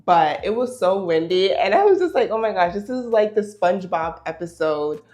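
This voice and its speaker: A young woman vlogger telling a dating story, animated, laughing and full of fillers. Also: mid-range voice, normal speed. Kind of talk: storytelling while getting ready.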